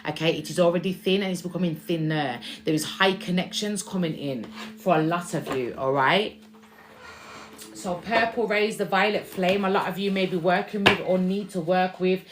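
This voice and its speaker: A woman with a slightly low voice gives a casual spiritual tarot reading straight to camera. She talks in a chatty way, keeps checking in with "okay?" and calls her viewers "babes". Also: normal speed, background noise. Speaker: tarot reader.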